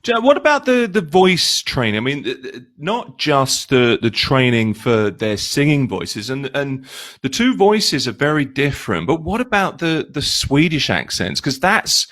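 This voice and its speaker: A man hosting a casual interview over a video call, asking animated questions with restarts. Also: medium pitch, measured pace. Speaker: interview host.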